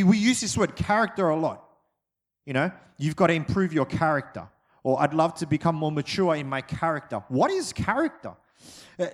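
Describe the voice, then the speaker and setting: A man delivers a sermon in a relaxed, conversational way. His voice sits a little high, and he slips light jokes in among his repeated phrases. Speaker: pastor.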